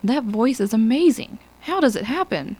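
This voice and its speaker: A woman's voice: a little high, lively intonation, normal speed, a little mellow, husky, voice pushed up. Woman voicing a fumbling male research director. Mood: pressing. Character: blustering middle-aged male research director.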